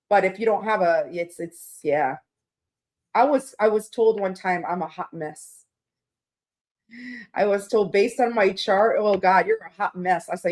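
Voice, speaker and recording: A woman rambles through a casual livestream chat, talking straight to her viewers. She is candid and loose, laughs easily and drops the odd curse word. Her voice sits at an ordinary middle pitch for a woman. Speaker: livestream tarot host.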